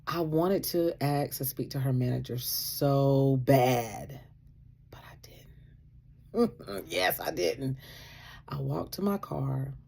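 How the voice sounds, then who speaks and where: A woman casually telling a personal story, animated, acting out what people said and laughing often. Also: a bass voice, takes it slowly, gravelly, slightly rough. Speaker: vlogger sharing a faith testimony.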